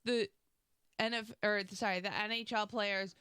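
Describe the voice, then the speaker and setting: A man's voice: high-pitched, steady tone, moderate pace, pushed and bright, clean tone, no echo. A man co-hosting a casual podcast, chiming in with short sarcastic asides on a close studio mic. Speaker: podcast co-host. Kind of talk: casual talk show banter.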